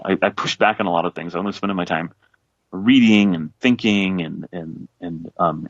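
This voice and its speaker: A man's voice: deep voice, fairly bright tone, no echo, lo-fi sound. A man in his forties, a guest author, talking in a casual podcast conversation, rambling with many fillers and restarts. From south Texas.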